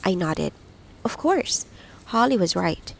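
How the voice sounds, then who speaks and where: Woman reading a story with a gravelly edge. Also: lowish voice, big pitch swings, slow, rough recording. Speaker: audiobook narrator. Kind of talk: first-person audiobook narration.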